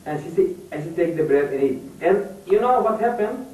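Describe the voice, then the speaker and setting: Man giving halting, earnest faith testimony. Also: sits high, expressive, narrow, tinny audio. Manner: halting, repetitive broken English with emphatic bursts. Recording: echoey room from a distant mic with faint noise.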